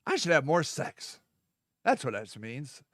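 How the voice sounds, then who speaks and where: A man hosting his own show, rambling irreverently and jokily, vamping to his listeners with sudden shouted bursts. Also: a little high, sing-song, unhurried, dry recording, studio quality. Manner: vamping, talks to his audience. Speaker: host. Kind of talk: casual solo monologue.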